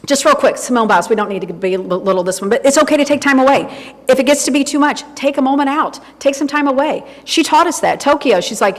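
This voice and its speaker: A woman's voice: a little high, fairly quick. A woman minister giving an informal, chatty sermon full of asides to herself. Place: church sanctuary. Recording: long reverb of a church hall.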